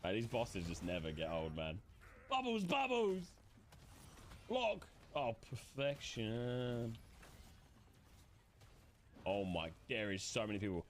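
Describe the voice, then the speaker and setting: A man yelling callouts to his squad while gaming, swearing and laughing a lot. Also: mid-range voice, very animated, takes it slowly, pauses often. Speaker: gamer playing with a squad. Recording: clear game noise behind the voice.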